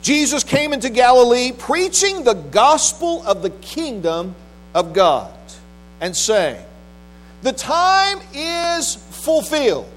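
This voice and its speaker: A very high, sing-song male voice belongs to a pastor who reads scripture solemnly and at a measured pace, then preaches plainly with some restarts. Expect low-quality audio and a faint mains hum.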